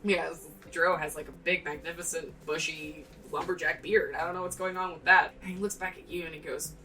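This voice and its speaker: A woman's voice: low voice, flat delivery, a little fast, few pauses, sharp tone. A young woman narrating as game master in a casual, rambling way, with many fillers. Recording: distant mic with background music.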